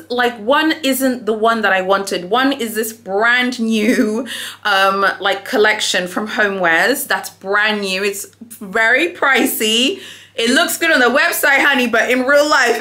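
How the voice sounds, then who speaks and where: A young adult woman telling a shopping story in a casual vlog, chatty and animated, calling viewers "honey", recorded in a hotel room without an external mic. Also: a little high. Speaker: luxury shopping vlogger.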